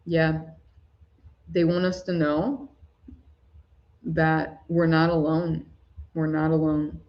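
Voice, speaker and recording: A woman hosting a live spiritual talk for chat viewers, soft-spoken and gushing, often breaking into laughs. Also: low-pitched, little pitch movement, takes it slowly, lo-fi sound. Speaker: spiritual livestream host.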